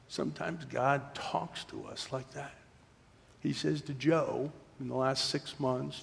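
A man's voice: mid-range voice, fairly even intonation, slow pace, gravelly, in a large hall. A man preaching a sermon from the pulpit in a storytelling way, often dropping to a near-whisper. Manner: storytelling, drops to near-whisper for quoted moments. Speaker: pastor. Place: church sanctuary.

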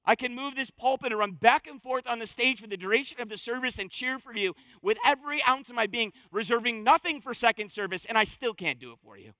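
A man's voice: very high-pitched, fast talker, hardly any pauses, bright, forceful tone, dry recording. A man preaching a sermon from a church stage, exhorting with fervent, repetitive urgency. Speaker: pastor.

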